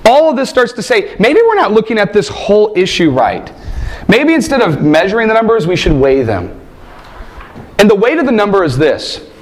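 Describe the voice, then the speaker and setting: Guy teaching a bible class, high voice, jumps all over the place, lots of rhetorical questions. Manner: animated, rhetorical questions, emphatic. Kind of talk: classroom lecture.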